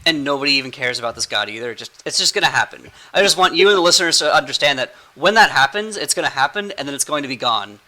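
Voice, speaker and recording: A playful, giggly man chats at a quick clip as the host of a tabletop game podcast. His voice is very bright and forward, with a middle pitch. He rambles and laughs through his jokes. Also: animated, low-quality recording. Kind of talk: casual podcast chat.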